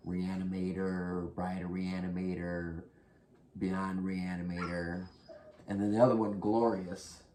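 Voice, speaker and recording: Low-pitched and warm, this man's voice carries a little background noise as he rambles casually about horror films he'd recommend. Speaking close to the microphone at home indoors, he half-whispers and swears freely.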